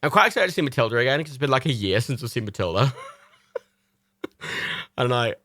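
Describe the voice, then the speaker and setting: A man's voice: mid-range voice, animated, a little fast, bright, forceful tone, dry recording, studio quality. A man hosting a livestream, a little tipsy, rambling casually with lots of laughter and swearing. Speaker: livestream host. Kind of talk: casual chat.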